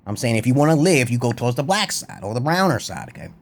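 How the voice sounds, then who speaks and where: A man's voice: mid-range voice, sing-song, fast, slight background noise. A man talking to camera in a rambling, crude, boastful monologue, laughing often. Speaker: vlogger.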